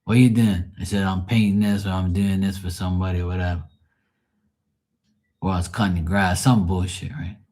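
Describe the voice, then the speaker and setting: A man's voice: sits low, flat delivery, a little fast, long pauses, darkish tone. A middle-aged man hosting a live tarot stream, chatting casually, telling blunt stories full of swearing and greeting viewers by name. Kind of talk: casual livestream chat.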